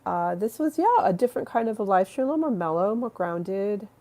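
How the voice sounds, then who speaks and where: A woman's voice: mid-range voice, expressive, a little fast, dark tone. A young woman hosting a casual livestream, chatting to her viewers in a rambling, affectionate way with many fillers and restarts. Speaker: livestream host.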